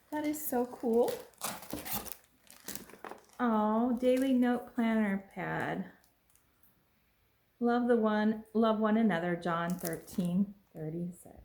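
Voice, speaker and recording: A woman vlogging as she unboxes a package at home, gushing and exclaiming excitedly over each item. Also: fairly high pitch, slight background noise. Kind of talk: casual unboxing vlog. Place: at home with a pet. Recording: echoey room.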